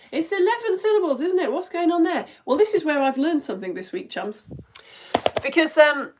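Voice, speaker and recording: A woman from the UK teaching an online lesson in a chatty, animated way, often asking the listener questions. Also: high voice, normal speed.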